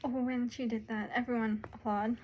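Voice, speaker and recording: A woman's voice: fairly high pitch, flat delivery, normal speed, darkish tone, a little hiss or hum, rough recording. A woman narrating her own story casually, with rambling, chatty asides.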